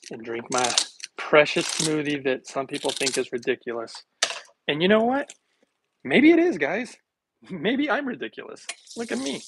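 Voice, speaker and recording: Over a noisy background, a middle-aged American vlogger with a medium-pitched voice chats casually to his viewers from home. He rambles, chuckles often and makes fun of himself.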